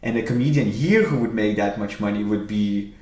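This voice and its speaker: A man's voice: on the low side, a little mellow. Roomy Lithuanian-accented young man. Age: young adult. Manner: halting, repeats words, laughs often. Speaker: comedian guest. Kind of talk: casual podcast chat. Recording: roomy echo.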